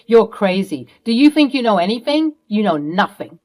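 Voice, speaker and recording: A woman's voice: medium pitch, very animated, moderate pace, a little mellow, natural voice. A woman playing a scheming middle-aged stepfather who blusters and stammers when caught. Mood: outraged. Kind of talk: storytime role-play.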